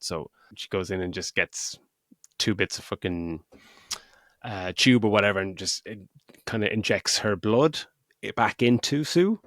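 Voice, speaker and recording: A man's voice: lowish voice, measured pace, a bit bright, dry recording, clean studio sound. A middle-aged man co-hosting a podcast, retelling a film's plot in casual chat, swearing freely and laughing as he goes. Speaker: podcast co-host. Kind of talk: casual film review chat.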